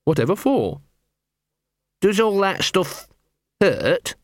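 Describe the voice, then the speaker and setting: A man's voice: high voice, big pitch swings, takes it slowly, no room sound, clean studio sound, voice pushed up, heavily acted. A man doing a scruffy, fussy talking dog. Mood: nervous. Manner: fussy, muttering, fumbles for words. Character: scruffy talking male street dog, grumbling.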